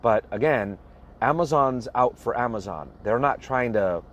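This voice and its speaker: This man's voice is medium in pitch with lively intonation. He's a box truck owner-operator vlogger chatting casually with viewers while reading a list of places, slow and plain-spoken, chuckling whenever he mispronounces a name.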